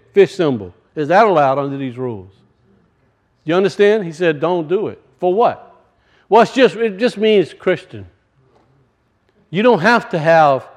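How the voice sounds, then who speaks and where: A man preaching a sermon and telling a personal story, swinging from loud bursts to hushed, quiet lines. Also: on the high side. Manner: rises loud then drops to hushed, storytelling.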